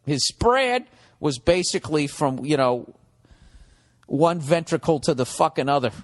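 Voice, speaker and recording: A man's voice: on the high side, lively intonation, unhurried. 40s american guy ranting on his podcast, swears a lot, riffs all over, kinda echoey. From United States. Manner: profane, rambling and riffing. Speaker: podcast host. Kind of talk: comedic podcast monologue.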